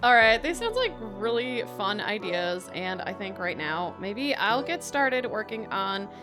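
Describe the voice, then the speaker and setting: A woman's voice: medium pitch, big pitch swings, measured pace, music in the background. A woman hosting a gaming video, chatting in a bubbly, giggly way with many restarts and "like"s over a voice call. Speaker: Minecraft server builder and video host.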